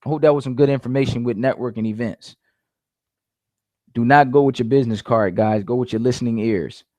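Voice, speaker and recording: A man's voice: medium pitch, brisk, mellow, no echo. A man giving casual sales coaching, repeating his points emphatically and calling his listeners "guys". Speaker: network marketing coach.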